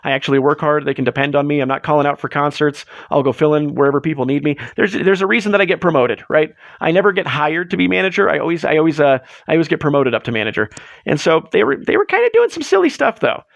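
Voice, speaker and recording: A man hosting a live show in casual chat, rambling and excitable as he tells stories, swearing freely, on a close mic. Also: a little high, quick pace, creaky, no room sound, highs cut off. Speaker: livestream host.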